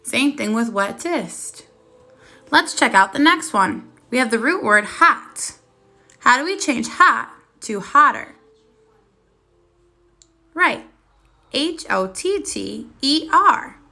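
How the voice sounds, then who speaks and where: Woman, first grade teacher on video, high bright voice, patient question-and-answer delivery. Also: expressive, slow, long pauses. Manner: patient, asks questions then confirms answers.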